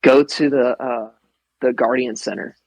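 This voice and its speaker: A man talks casually as a podcast guest, spinning animated anecdotes and swearing without a second thought. His delivery is loose and conversational, broken up by frequent laughter. The recording is dry and close. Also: mid-range voice, measured pace, creaky, husky, no echo, low-quality recording. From American Midwest. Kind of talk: casual storytelling chat.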